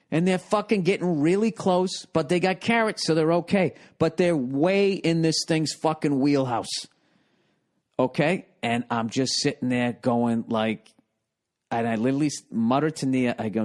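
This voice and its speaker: A comedian in his forties, from the United States, tells a rambling story on his podcast. His voice sits a little high for a man. He swears constantly and sounds exasperated, like a casual comedic rant. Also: a little slow. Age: 40s.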